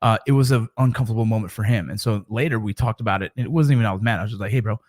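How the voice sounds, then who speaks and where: A middle-aged dad talks to the camera about mentoring in a loose, meandering way, frequently starting over mid-thought. His lowish voice is a little mellow and very fast.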